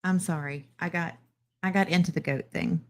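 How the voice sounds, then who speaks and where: A woman with a fairly low voice co-hosts a live stream in a loose, rambling way. She often puts herself down and goes off on tangents, and her voice jumps up high when she is surprised. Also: steady tone, normal speed, vocal fry. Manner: rambling, self-deprecating, chatty, jumps to high exclamations. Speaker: co-host. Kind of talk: casual live-stream chat.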